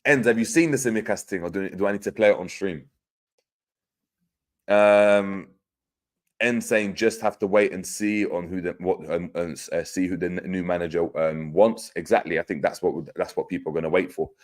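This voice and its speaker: A man with a low voice hosts a relaxed live football chat. He reads viewer comments aloud and reacts to them in a loose, conversational way, with frequent fillers and restarts. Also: normal speed. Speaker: football podcast host.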